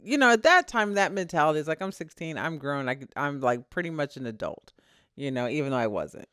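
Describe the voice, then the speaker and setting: A woman's voice: sits low, brisk, no echo, studio quality. A middle-aged woman co-hosting a podcast with her son, telling stories in casual chat, laughing often and acting out quoted lines. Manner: animated storyteller, laughs often, acts out quotes. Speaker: podcast co-host.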